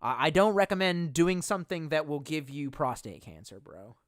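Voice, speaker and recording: A man's voice: fairly high pitch, animated, moderate pace, no echo. A man casually chatting on a livestream and answering chat, cursing often and rambling, sometimes trailing off into a mumble. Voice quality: profane, rambling speech.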